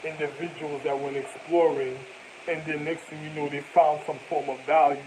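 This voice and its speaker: A man's voice: a little high, little pitch movement, moderate pace, darkish tone, a little hiss or hum, low-quality recording. A man in a rambling, profane monologue that jumps from topic to topic.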